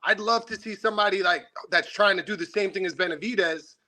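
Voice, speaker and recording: A man calling in to a boxing stream, breaking down fighters in relaxed slang. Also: high voice, fast talker. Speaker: caller. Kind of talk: casual call-in chat.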